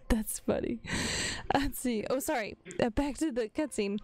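A woman's voice: on the high side, measured pace, darkish tone. A woman streaming a game with casual commentary, reading the dialogue aloud between chatty asides, swearing freely and laughing often.

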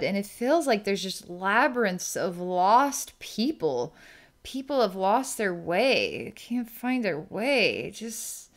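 Woman psychic healer, smooth clear tone, halting and searching, narrating visions live. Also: mid-range voice. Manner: halting, searching, describes visions as they come. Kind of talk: narrating a distance healing vision.

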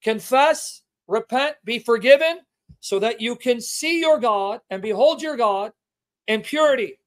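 Guy with a really high voice on a livestream, reading bible verses slow and punchy, keeps repeating stuff. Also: lively intonation. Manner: emphatic, repeats key words to drive the point home; reads scripture aloud with slow stressed delivery. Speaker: livestream host, Bible teacher.

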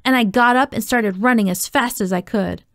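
Woman reading as a calm bold boy, slangy, laid-back, storybook, slightly gravelly. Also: fairly high pitch, moderate pace, no room sound, clean studio sound. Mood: boyish swagger. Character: bold, calm boy who enjoys a fight.

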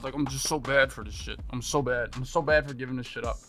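A man's voice: medium pitch, fairly even intonation, fast, hardly any pauses, fairly bright tone, faint music behind. A young man giving casual, profane, exasperated commentary while playing a video game, with slangy talk, groans and sudden outbursts.

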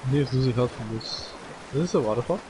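A young man playing a video game with a friend, swearing and reacting out loud to what happens. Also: medium pitch, animated, fast, background noise. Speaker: gamer. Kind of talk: casual gaming chat.

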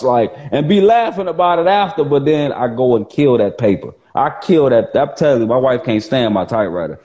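A man with a baritone voice, a poet chatting as a guest on a live video call, animated and playful with his tone. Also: a little fast, dull audio. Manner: animated, plays with his voice tones, laughs easily.

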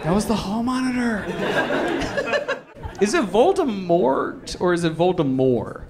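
Lively high-voiced male stand-up comic. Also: unhurried, a crowd in the background. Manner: animated, slides into loud mock voices for quoted people. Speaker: stand-up comedian. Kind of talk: live stand-up set. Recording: live club recording with audience noise. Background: audience laughter.

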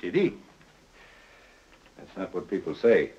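An actor playing a cunning, stern middle-aged king and father, who talks in a husky, commanding voice and questions with scorn, in a 1950s epic film. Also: deep voice, sing-song, measured pace, slight background noise. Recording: dull lo-fi 1950s film soundtrack.

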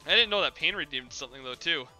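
A man's voice: a little high, animated, quick pace, bright, forceful tone, faint music behind. A man streaming a game and chatting casually with his chat in a rambling, jokey way, laughing often. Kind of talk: casual live-stream chat while gaming.

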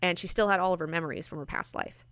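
Animated swearing woman reviewing comics. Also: fairly low pitch, no room sound. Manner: animated, acts out characters in quick bits. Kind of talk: casual enthusiastic review, heavy swearing.

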